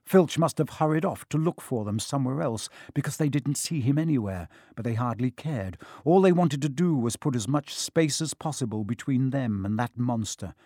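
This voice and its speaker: A man's voice: mid-range voice, expressive, normal speed, hardly any pauses, darkish tone, no room sound. Brief: male audiobook narrator, dramatic, dry close studio sound. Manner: dramatic storytelling. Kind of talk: audiobook reading.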